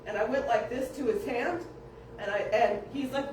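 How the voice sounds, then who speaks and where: A woman casually telling family stories, animated, acting out voices and laughing often. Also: on the high side, moderate pace, a little hiss or hum. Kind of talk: casual storytelling. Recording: echoey room, distant mic.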